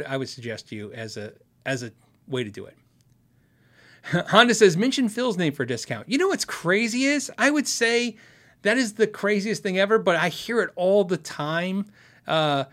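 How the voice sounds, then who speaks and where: A man's voice: sits high, a bit bright. A man hosting a casual livestream, answering viewer questions in a friendly, frank way and laughing often.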